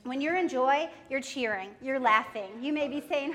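A middle-aged woman preaching a sermon in a lively way, laughing often and acting out what people say. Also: sits high, normal speed. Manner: lively, laughs often, acts out quoted speech.

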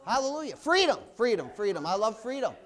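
A male pastor preaching a loud, fiery sermon in church, punctuated with hallelujahs. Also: sits high, big pitch swings, quick pace.

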